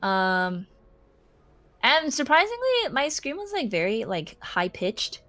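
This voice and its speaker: A woman's voice: medium pitch, slow pace, no room sound. A young woman streamer telling a rambling story while she plays a game, acting out what others said. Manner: rambling, animated, quotes others in a raised voice. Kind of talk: casual storytelling chat.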